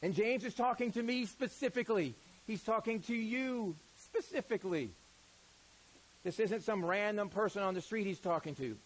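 Man, pastor, sermon, fairly high voice, rhetorical questions, sudden quiet asides. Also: normal speed, poor audio. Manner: conversational preaching with rhetorical questions; stretches out key words for emphasis.

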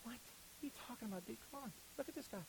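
A high, strained voice for an excitable male prophet, as a man puts him on. He pleads in disbelief and sounds exasperated at every turn. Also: rapid-fire, vocal fry, slight background noise.

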